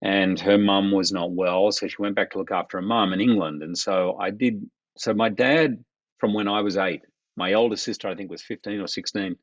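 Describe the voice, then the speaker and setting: Man in his fifties, low-ish voice, lively storyteller, dry dull podcast sound. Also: moderate pace, no room sound. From Australia. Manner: animated, acts out quoted voices of others. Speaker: guest. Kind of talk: reflective storytelling in conversation.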